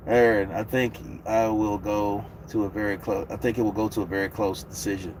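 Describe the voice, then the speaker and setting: Profane, joking boxing show host. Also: male voice, lowish voice, little pitch movement, normal speed, darkish tone, a little hiss or hum. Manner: profane, joking, laid-back. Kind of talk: casual livestream commentary reading chat.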